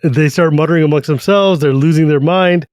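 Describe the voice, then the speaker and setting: A man's high-leaning voice, free of room sound, carries an animated retelling of a fantasy novel. He's a podcast co-host in a relaxed book chat, quickly voicing different characters.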